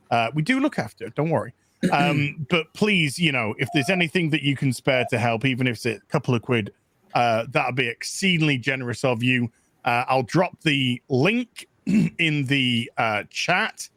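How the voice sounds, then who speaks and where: A man's voice: mid-range voice, fairly bright tone, dry recording. A man talking earnestly on a panel stream, with a lot of hesitation and fillers. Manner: earnest, halting, many fillers. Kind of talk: casual chat.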